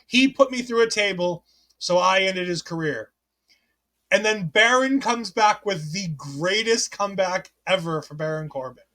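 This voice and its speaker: Male podcast host, high voice, loose chatty recap delivery with frequent self-corrections. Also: lively intonation, normal speed, bright, forceful tone. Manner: chatty, self-correcting, reads listener comments aloud. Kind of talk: casual wrestling recap chat.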